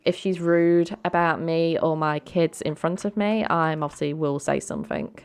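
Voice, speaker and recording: A woman voicing a confident, unbothered young woman in a life-sim game, in a low, smooth voice. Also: fairly even intonation, moderate pace. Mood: defiant.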